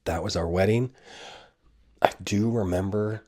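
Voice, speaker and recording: This is a man in his fifties with a very low, deep voice who tells a personal story casually. He rambles and makes fun of himself, and his asides drift off before he comes back to the point. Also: unhurried, darkish tone. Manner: rambling, self-deprecating storyteller with frequent asides. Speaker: podcast host.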